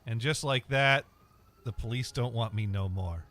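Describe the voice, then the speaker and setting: A man's voice: mid-range voice, normal speed, a bit bright, soft background music. A man hosting a casual gaming stream from home, rambling, making dry jokes and reading chat aloud. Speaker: streamer host. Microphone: webcam and desk mic.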